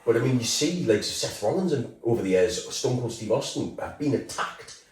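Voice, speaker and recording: A man's voice: medium pitch, lively intonation, normal speed, darkish tone. A man in his forties hosting a podcast in casual chat, rambling and swearing with lots of fillers. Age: 40s. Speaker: podcast host. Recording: roomy, distant mic.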